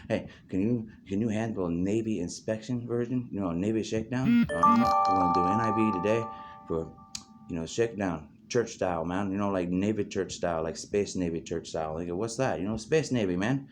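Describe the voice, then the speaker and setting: A man's voice: fairly low pitch, fairly quick, over music. A man hosting a rambling, casual monologue, free-associating and peppering his talk with "you know" and "man". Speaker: host. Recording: noisy background.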